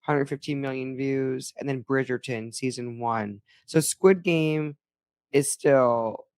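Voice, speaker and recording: A woman's voice: a bass voice, slow, darkish tone, dry recording. A woman co-hosting a podcast in casual chat, ranting and swearing with mock outrage. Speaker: podcast co-host.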